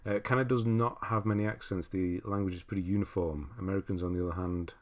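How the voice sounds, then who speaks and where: A man's voice: low voice, steady tone, fast. An English man from England hosting a livestream, chatting casually and reading viewer comments aloud with easy laughs and restarts. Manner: chatty, easygoing, laughs often, frequent restarts. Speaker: livestream host.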